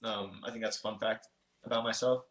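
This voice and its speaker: In a relaxed podcast interview with a roomy echo, a twenty-something motocross racer appears as a guest, stumbling through with many ums and restarts. He talks briskly in a somewhat low, fairly bright voice with fairly even intonation.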